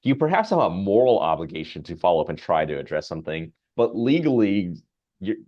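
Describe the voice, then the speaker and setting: A man, a physician, giving a grand rounds lecture in a conversational, animated storytelling way. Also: sits low, brisk, dull audio.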